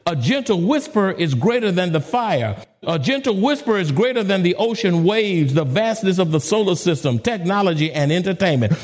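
A man as a pastor preaching a sermon, dramatic, swooping from soft to high.

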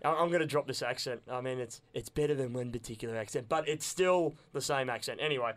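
A man's voice: medium pitch, fast talker, a bit bright. A young adult man with an Australian accent, chatting enthusiastically as a podcast co-host, often repeating words as he goes. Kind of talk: casual chat.

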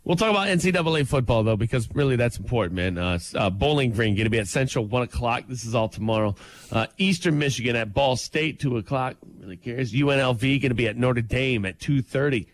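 A man co-hosting a radio morning show, bantering in a teasing, lively way. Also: mid-range voice, fast. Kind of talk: casual chat.

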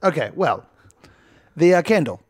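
A man's voice: fairly high pitch, sing-song, measured pace, no echo, studio quality. A man co-hosting a casual, comedic podcast chat, rambling through jokes and laughing often. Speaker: podcast co-host.

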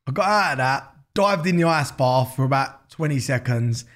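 A man's voice: mid-range voice, lively intonation, normal speed, a bit bright. A man in his thirties with an Essex accent, talking casually and animatedly as a podcast guest, swearing freely and repeating himself. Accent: Essex English. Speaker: podcast guest, business founder. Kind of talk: casual interview chat.

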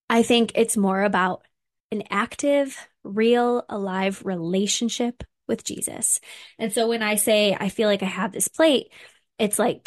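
A woman's voice: medium pitch, no room sound. A woman hosting a faith podcast, a mom talking in an earnest, heartfelt way, close to the mic. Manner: earnest and heartfelt, getting emotional. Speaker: podcast host. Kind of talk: casual faith podcast talk.

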